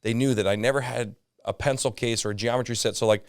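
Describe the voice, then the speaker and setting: A man's voice: medium pitch, fast talker, smooth, no room sound, clean studio sound. A Canadian man, a comedian and podcast guest, telling stories in a casual chat full of asides and fillers. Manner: animated storyteller, lots of fillers and asides.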